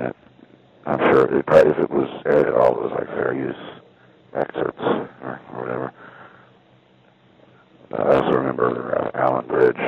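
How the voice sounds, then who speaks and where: Man in his fifties, very deep gravelly voice, flat delivery, rambling wryly over a tinny phone line. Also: no room sound. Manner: meandering, hesitant, wry. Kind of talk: rambling monologue from a payphone. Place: at an outdoor payphone. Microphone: phone handset.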